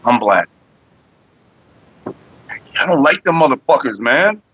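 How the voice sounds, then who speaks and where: A man from Florida streaming casually from his computer desk, cussing and ranting loudly. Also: mid-range voice, big pitch swings, takes it slowly, slightly rough. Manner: profane, cussing out bugs. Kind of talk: casual livestream rant. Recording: dull lo-fi stream audio.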